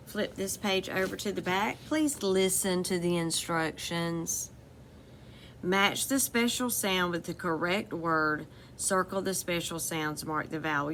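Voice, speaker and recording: A woman's voice: fairly low pitch, a bit bright, slight background noise. A woman teaching a phonics lesson to children, patiently repeating each word and giving step-by-step instructions.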